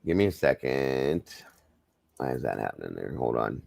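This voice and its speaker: A man's voice: very deep voice, very animated, normal speed, creaky, darkish tone, no echo. A man hosting a true crime livestream, reading reports aloud and commenting casually to his viewers, his voice strained. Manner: conversational, addresses viewers as guys, frequent okays and apologies. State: voice strained, trying not to lose it. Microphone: streaming microphone.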